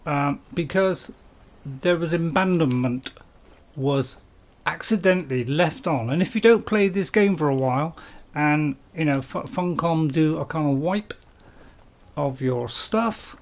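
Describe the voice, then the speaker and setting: A man's voice: a little high, measured pace. A man with a Northern English accent, chatting casually and rambling while streaming a game to viewers. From North England. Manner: chatty, rambling, laughs at his own jokes. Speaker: gaming streamer. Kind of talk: casual gameplay live stream.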